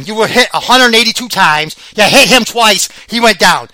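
Brief: rambling male podcast host, quick and lively, very bright dry sound. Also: high-pitched, no room sound. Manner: rambling, excitable, laughs often. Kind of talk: casual rambling sports chat.

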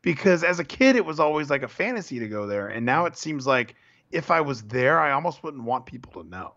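A man's voice: mid-range voice, very animated, fairly quick, fairly bright tone. A man co-hosting a casual wrestling chat as an earnest fan, reeling off facts and correcting himself. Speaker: podcast co-host. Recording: dull lo-fi sound.

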